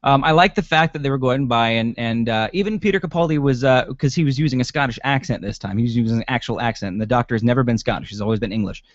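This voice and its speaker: A man's voice: mid-range voice, quick pace, hardly any pauses, no echo. Guy rambling thru an episode recap, lots of ums n swearing, dead dry muffled mic. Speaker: podcast co-host. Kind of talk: casual chat reviewing a TV episode. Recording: dry, dull lo-fi sound.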